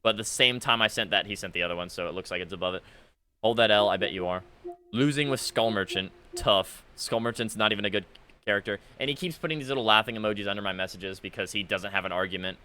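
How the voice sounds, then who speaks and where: A man's voice: lowish voice, fast talker, bright, forceful tone, slight background noise. A young man giving casual, sarcastic commentary while reading out chat messages from a game, exasperated and mocking. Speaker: gaming content creator.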